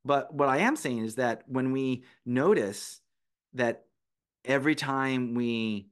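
A man's voice: medium pitch, slow pace, clear, resonant tone. A man who teaches meditation and breathing, a podcast guest patiently explaining his methods step by step in conversation. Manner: patient, explanatory, walks through steps one by one.

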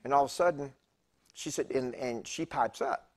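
A man's voice: medium pitch, moderate pace, a little mellow. A man in his fifties giving a conversational sermon as a guest preacher in a church, chatty and digressive, with stammered restarts. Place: church sanctuary.

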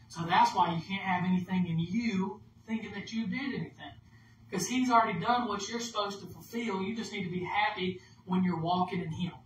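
A man's voice: sits high, a bit bright. A man preaching a casual, conversational sermon as minister, acting out inner dialogue and leading prayer. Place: church hall. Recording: echoey room, distant mic, background noise.

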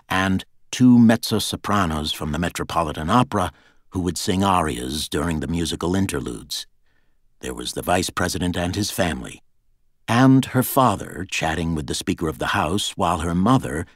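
Deep-voiced male audiobook narrator. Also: no echo, studio quality. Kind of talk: scripted narration.

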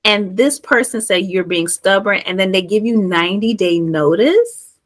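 Host voice: woman, mid pitch, quick reactions, casual chat. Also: expressive. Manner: reactive, interjecting. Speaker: podcast host.

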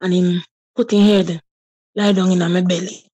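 Husky Jamaican woman telling her story. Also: on the low side, level tone, normal speed, dark tone, dry recording. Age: 30s. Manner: emotional storytelling in Jamaican patois. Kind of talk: personal testimony.

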